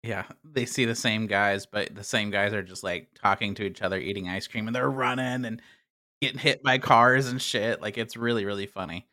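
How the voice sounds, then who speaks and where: Hesitant man with a bright voice. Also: lowish voice, normal speed. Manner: hesitant, many fillers and "I don't know". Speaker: podcast co-host. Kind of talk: casual chat.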